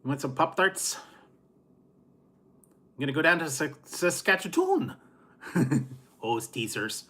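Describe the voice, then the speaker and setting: A man's voice: on the high side, animated, slow, long pauses, sharp tone, breathy edge, heavily acted. A man hamming up a jokey Canadian guy. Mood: goofy. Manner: chuckling, exaggerated "eh".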